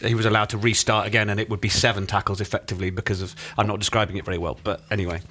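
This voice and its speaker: Male commentator guest, low pitch, very quick, dry quips. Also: flat delivery, sharp tone, slight background noise. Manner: rapid, dry quips, rambling explanations. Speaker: rugby commentator and journalist, guest. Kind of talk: casual panel chat.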